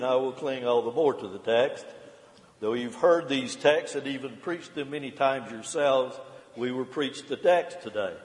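A middle-aged man preaching a sermon as pastor, in a measured and earnest cadence. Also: a little high. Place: large church sanctuary. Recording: long church reverb.

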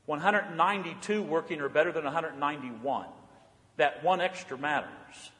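A man with a high voice preaches a sermon from the pulpit. He swings between loud, emphatic declarations and soft, hushed passages. The church hall carries a long reverb behind him. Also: normal speed. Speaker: pastor.

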